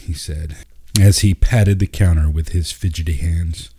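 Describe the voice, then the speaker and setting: Brief: calm male narrator for a storybook, deep and mellow. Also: unhurried, husky. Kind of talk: storybook reading.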